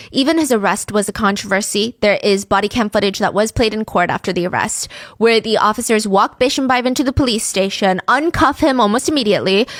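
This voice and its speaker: A woman's voice: mid-range voice, a bit bright, no echo, clean studio sound. A woman hosting a true crime podcast, telling the case in a casual, conversational way with frequent fillers.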